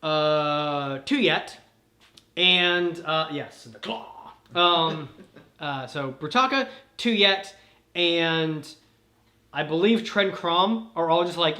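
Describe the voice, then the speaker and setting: A man's voice: fairly high pitch, very slow, sharp tone, reverberant. A man casually recapping a story, rambling with frequent swearing and laughter. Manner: rambling, profane, laughs often. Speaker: host.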